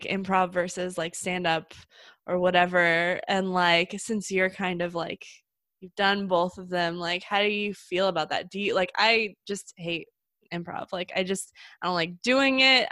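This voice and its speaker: A woman's voice: on the low side, bright, forceful tone, no echo, clean studio sound. A young woman, a stand-up comic who hosts interviews, chatting in a giggly, teasing way. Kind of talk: casual interview chat.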